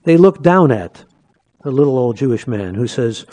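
Mellow-voiced man telling jokes. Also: medium pitch, expressive, moderate pace. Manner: anecdotal, acts out jokes with voices. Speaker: author giving a book talk. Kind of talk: lecture with joke-telling.

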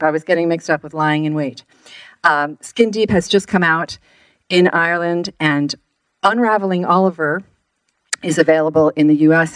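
Woman, panel moderator, lowish pitch, hesitant restarts, dry close sound. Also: no echo. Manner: halting, with restarts and self-corrections. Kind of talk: introducing authors at a live event.

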